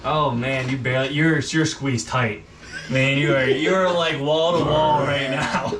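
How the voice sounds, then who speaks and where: A man's voice: medium pitch, steady tone, unhurried. Casual man running a tabletop game. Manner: casual, hesitant with many fillers. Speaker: game master. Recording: distant mic with background noise.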